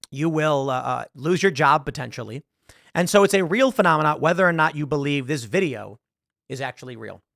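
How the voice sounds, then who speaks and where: Male host, slightly high voice, casual rambling commentary, dry close sound. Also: sharp tone, no room sound. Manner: rambling, conversational, acts out quotes. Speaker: show host.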